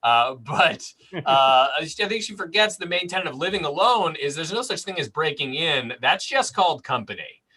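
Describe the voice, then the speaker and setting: A man's voice: on the high side, expressive, normal speed, bright, forceful tone, breathy edge, rough recording. A man in his late twenties doing a dry, self-deprecating stand-up set over a video call. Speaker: stand-up comedian.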